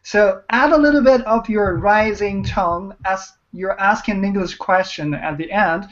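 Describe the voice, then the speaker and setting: A woman's voice: mid-range voice, normal speed, muffled recording. Patient woman teaching. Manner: patient, repeats words and praises students. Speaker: Chinese teacher. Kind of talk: online beginner language lesson.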